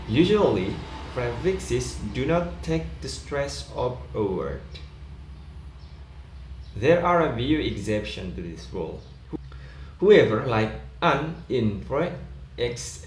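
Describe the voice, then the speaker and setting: A man explaining an English pronunciation lesson in a slow, measured way, pausing on fillers as he goes. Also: medium pitch. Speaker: lecturer. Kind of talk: recorded lesson explaining rules. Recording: echoey room, faint background noise.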